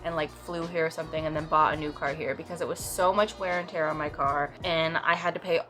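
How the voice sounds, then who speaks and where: A young West Coast woman vlogs casually to camera, telling stories with comic exaggeration and playful quoted voices. Her low-sitting voice is brisk and a bit bright with fairly even intonation, over faint background music.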